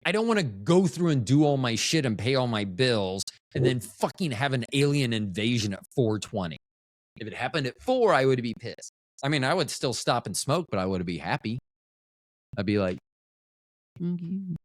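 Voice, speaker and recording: A man's voice: medium pitch, lively intonation, normal speed, dry recording, studio quality. Rambling man hosting a podcast. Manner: rambling, self-interrupting, trails off mid-thought; profane, offhand humor. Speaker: podcast host. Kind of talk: casual solo podcast chat.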